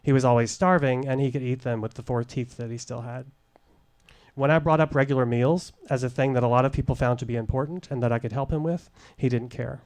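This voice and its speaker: A middle-aged man telling a candid personal story at a live showcase, deliberate and wry, into a stage microphone. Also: mid-range voice, steady tone, a little mellow. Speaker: storyteller, former case manager.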